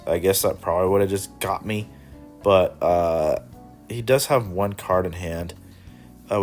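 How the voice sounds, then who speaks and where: Low-voiced guy giving a casual card game recap. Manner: laid-back, profane, chuckling, mock voices of opponents. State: coughing and clearing throat.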